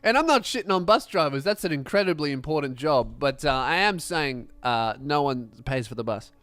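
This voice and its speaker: A young man telling a comic story as a podcast host, animated and swearing, acting out other people's voices. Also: mid-range voice, normal speed, no echo.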